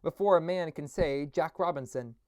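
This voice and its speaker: A man voicing a jovial, fat old male merchant who calls out in loud, hearty bursts. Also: a little high, moderate pace, dry recording, clean studio sound, voice pushed up, close to an everyday voice.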